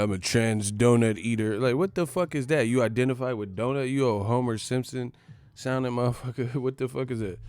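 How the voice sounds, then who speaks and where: A man's voice: medium pitch, no echo. A man hosting a boxing channel, ranting casually with profane jokes and rambling asides. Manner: profane, joking, rambling with laughs. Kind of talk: casual comedic rant.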